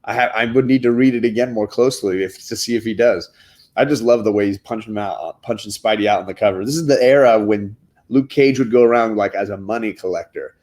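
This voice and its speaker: A man's voice: on the low side, fast talker, darkish tone. A man hosting a casual show reviewing comic books with his kids, talking enthusiastically and often restarting his words. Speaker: comic book show host.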